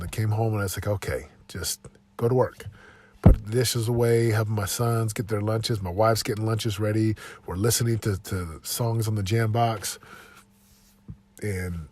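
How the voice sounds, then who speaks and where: A man's voice: on the low side, steady tone, moderate pace, darkish tone. A tired man giving an earnest, upbeat motivational talk while driving, often repeating phrases. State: tired, yawning. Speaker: podcast host. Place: inside a moving car.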